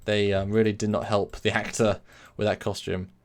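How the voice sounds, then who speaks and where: Rambling through a casual live stream, a man corrects himself and reads chat aloud as he responds. He speaks at normal speed in a lowish voice with little pitch movement.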